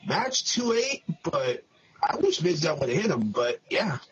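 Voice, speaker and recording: A man's voice: fairly high pitch, very animated, slightly rough. Emphatic man on dull lo-fi audio. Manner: emphatic, drawn-out opinions. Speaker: wrestling show reviewer. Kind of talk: casual podcast commentary.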